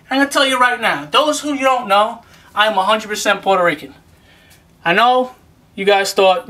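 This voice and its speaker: In a high, expressive voice and at a brisk pace, a man gives casual shout-outs in a vlog. His patter is hyped, jokey and streetwise, and he keeps saying "you know what I'm saying".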